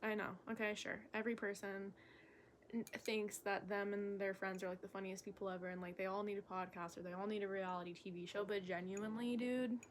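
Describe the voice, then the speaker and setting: A young woman making a casual vlog, talking in a halting, candid way with lots of fillers and self-corrections. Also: mid-range voice, little pitch movement, a little hiss or hum. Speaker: vlogger. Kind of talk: rambling stream-of-consciousness vlog.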